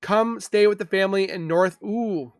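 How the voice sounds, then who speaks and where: A young man hosts a live chat stream, reading viewer comments and answering them in a loose, rambling way. His voice sits fairly high for a man, and the sound is dry and close with no room around it. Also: clean tone, no room sound. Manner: chatty, reads viewer comments aloud and reacts; loose, with restarts and quick asides. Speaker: livestream host reading chat.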